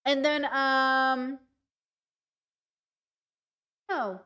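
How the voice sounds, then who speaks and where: A woman's voice: high voice, drawn-out words, sharp tone, clear, resonant tone. A woman in her thirties hosting a casual livestream, talking candidly and swearing freely as she answers her chat. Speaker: streamer host.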